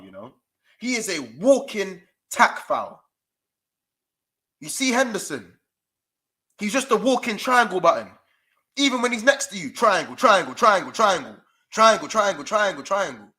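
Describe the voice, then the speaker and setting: Furious young London football fan ranting. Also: male voice, high-pitched, sharp tone, poor audio. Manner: furious, swearing, slang-heavy rant. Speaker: fan channel presenter. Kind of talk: angry fan rant to camera. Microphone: camera mic.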